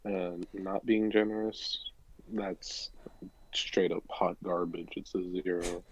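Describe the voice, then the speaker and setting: A teenage boy answers questions with dry, deadpan humor. His voice sits very low with a gravelly fry and a husky edge, and he chats in a casual, offhand way. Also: slow pace, rough recording. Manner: deadpan, joking. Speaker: guest. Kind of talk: casual chat.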